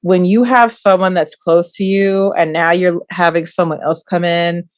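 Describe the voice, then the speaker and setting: A woman's voice: on the low side, fairly even intonation, moderate pace, smooth, no echo. Dry-voiced teasing young woman co-host. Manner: teasing, wry asides. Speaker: podcast co-host. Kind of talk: casual chat.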